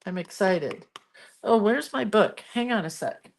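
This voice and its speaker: A woman's voice: medium pitch, lively intonation, measured pace, vocal fry. A woman hosting a casual live art stream from her home craft room, chatting and greeting viewers by name. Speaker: art livestream host.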